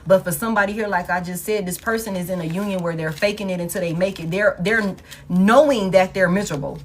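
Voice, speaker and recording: A woman's voice: lowish voice, fast, a little hiss or hum. Blunt, cursing woman reading tarot. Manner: blunt, profane, emphatic; repeats phrases for emphasis. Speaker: tarot reader. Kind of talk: collective love tarot reading.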